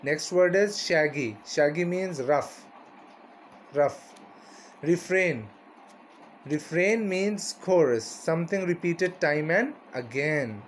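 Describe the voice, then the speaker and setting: A man's voice: a little high, slight background noise. A man teaching a vocabulary lesson, repeating each word and its meaning and often asking "right?".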